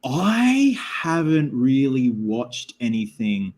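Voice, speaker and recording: A man's voice: medium pitch, big pitch swings, slow, a little mellow. An Australian man hosting a live stream, chatting loosely with viewers and reading out their comments, full of "like" and "man". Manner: filler-heavy, keeps saying like and man. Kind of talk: casual live stream chat.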